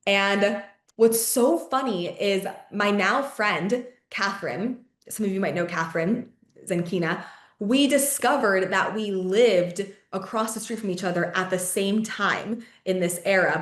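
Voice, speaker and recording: A young woman hosting a podcast, telling a personal story in a chatty, casual way full of fillers, swearing and laughs. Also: mid-range voice. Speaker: podcast host. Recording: roomy echo.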